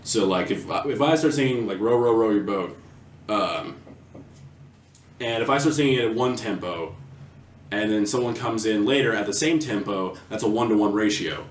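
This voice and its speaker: Halting young man, off-mic and echoey. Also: on the low side, recorded from a distance. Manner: halting, many fillers, swears. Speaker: podcast co-host. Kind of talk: casual chat. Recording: echoey room, off-mic, faint noise.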